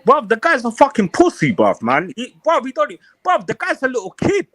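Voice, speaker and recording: A man's voice: extremely high pitch, wildly swooping pitch, a little fast, a bit bright, no echo. Fired-up young London man on a call. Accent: London English. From England. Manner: aggressive, swearing, then backing down. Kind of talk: heated live panel argument.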